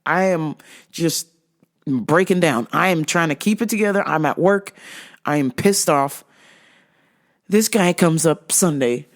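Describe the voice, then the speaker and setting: A woman's voice: low voice, a little slow, long pauses. A woman podcast host and business owner telling a story as a casual, profane, exasperated rant.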